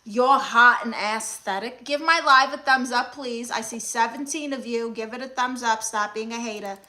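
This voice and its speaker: A woman playing a brash, sassy aunt who hosts a livestream, reading viewer comments with deadpan scolding. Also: a little high, moderate pace. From Brooklyn, New York. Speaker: comedic livestream host character. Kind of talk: mockumentary livestream comedy.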